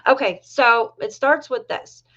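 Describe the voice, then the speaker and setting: A woman's voice: on the high side, a little slow, bright, forceful tone, muffled recording. A middle-aged woman from New York hosting a casual livestream, chatting with viewers and reading their comments aloud. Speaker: livestream host.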